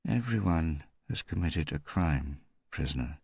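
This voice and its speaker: A man voicing a cold, bored male interrogator in an audiobook, who speaks quietly, slowly and without interest. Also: a bass voice, expressive, creaky, breathy edge, no echo, studio quality, heavily acted. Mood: coldly bored. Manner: quiet, slow, disinterested.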